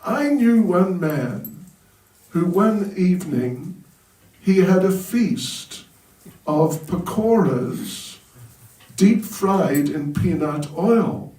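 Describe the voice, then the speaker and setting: A man voicing a calm, nonchalant elderly male spiritual teacher who answers in a dry, deadpan way, heard from a distance in a roomy hall. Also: sits high, very slow, voice pushed up, full character voice.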